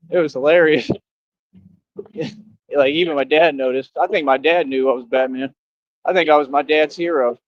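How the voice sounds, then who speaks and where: A tired man livestreaming in casual chat, boastful and streetwise, laughing often. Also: a little high. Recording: dull lo-fi stream audio.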